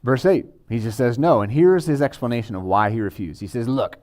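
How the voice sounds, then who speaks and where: A man's voice: medium pitch, animated, a little fast, darkish tone. A man preaching a sermon in a conversational way, with casual asides to the congregation. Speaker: pastor.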